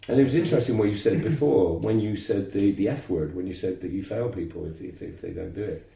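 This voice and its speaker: A man, telling lively stories as a martial arts instructor guest, repeating words as he goes. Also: low-pitched, fast talker, vocal fry, distant mic. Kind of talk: casual interview storytelling. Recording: roomy echo, voice off-mic.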